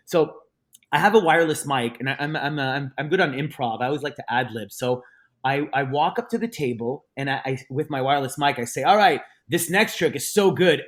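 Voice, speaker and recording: A male magician chats as a podcast guest, with a slightly high voice. He tells stories in a loose, animated way and often restarts his sentences. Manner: animated, rambling, with frequent restarts and fillers. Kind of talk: casual storytelling in a podcast interview.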